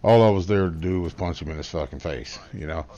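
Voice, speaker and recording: A man's voice: low-pitched, fast, warm tone, lo-fi sound. A man telling a comedic, trash-talking story as a guest youtuber, brash and crude.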